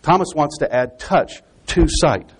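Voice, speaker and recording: A man's voice: fairly high pitch, expressive, a little slow, breathy edge. A man preaching a Bible exposition sermon. He repeats key phrases for emphasis and explains scripture step by step.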